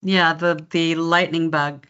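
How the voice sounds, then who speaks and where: A woman's voice: low voice, fairly even intonation, slow, fairly bright tone, smooth, highs cut off. A middle-aged woman from California with a Californian accent, chatting as a guest dialect coach and slipping briefly into regional accents. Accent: Californian American. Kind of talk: casual interview chat.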